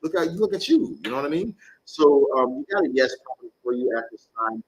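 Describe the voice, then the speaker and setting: A man's voice: mid-range voice, lively intonation, a little fast, breathy edge, rough recording. A man giving live tarot readings to viewers, talking bluntly, animatedly and with casual swearing. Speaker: tarot reader.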